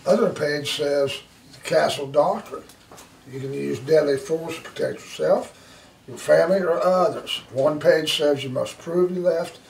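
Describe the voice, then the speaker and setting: Man, gravelly, blunt firearms instructor, classroom teaching, distant echoey room recording. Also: fairly high pitch, slight background noise. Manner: blunt, forceful, acts out scenarios.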